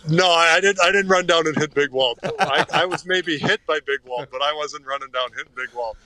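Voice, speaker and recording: A man's voice: fairly high pitch, a little fast, crowd noise. A middle-aged man, a former hockey player, telling earnest and rambling anecdotes as a podcast guest. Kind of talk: casual interview storytelling.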